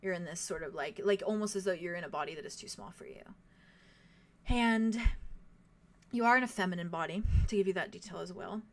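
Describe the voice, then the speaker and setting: A woman's voice: lowish voice, a little fast. A young woman narrating a tabletop game as game master, descriptive and full of fillers. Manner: descriptive, many fillers like "like" and "kind of".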